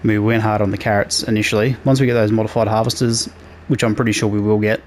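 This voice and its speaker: Aussie guy chatting through his farming game, lowish voice, bit of game noise underneath. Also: fast talker. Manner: relaxed, talks through each task as he plays. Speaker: gaming channel host. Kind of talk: casual let's play commentary.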